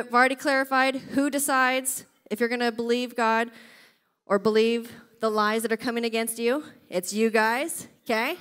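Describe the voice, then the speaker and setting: A woman preaching a sermon in church, telling stories with lively energy and often checking in with her listeners. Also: high-pitched. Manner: animated storytelling, often checks in with "okay?".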